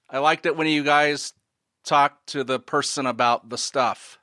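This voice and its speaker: A man's voice: on the high side, steady tone, slow, sharp tone, a little hiss or hum. A man guesting on a podcast, chatting casually and laughing often at himself. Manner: self-deprecating, laughs often. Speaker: podcast guest, radio journalist. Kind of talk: casual chat.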